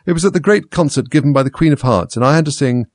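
A man reading a storybook aloud, voicing the Hatter as an excitable, contemptuous man who declaims his lines. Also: a little high, quick pace, dry recording, pitched above the performer's own voice, lightly acted. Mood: mournful. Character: mad, contemptuous, fast-talking male Hatter.

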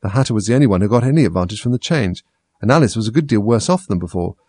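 A man reading a storybook aloud with steady, measured narration. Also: on the low side, no room sound.

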